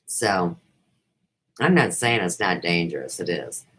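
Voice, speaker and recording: A woman's voice: rumbling low, expressive, measured pace, a bit bright, poor audio. A middle-aged woman hosting a talk show, delivering a rambling, emphatic monologue. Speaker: host.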